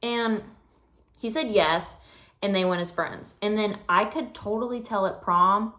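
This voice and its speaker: A woman's voice: mid-range voice, unhurried, a bit bright. Chatty teen girl in an echoey room. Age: teens. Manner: chatty storytelling with many fillers. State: slightly out of breath. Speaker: vlogger. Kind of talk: casual vlog chat.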